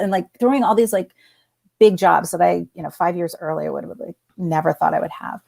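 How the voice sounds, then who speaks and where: A woman in her forties, a former executive, telling a personal story as a guest in animated conversational style, full of fillers and restarts. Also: on the low side, fairly quick, vocal fry.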